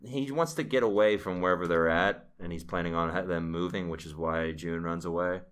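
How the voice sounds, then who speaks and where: Deep, bright-voiced man chatting. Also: fairly quick, clean tone. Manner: rambling, with frequent fillers and laughs. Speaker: podcast host. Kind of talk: casual chat recapping a TV episode.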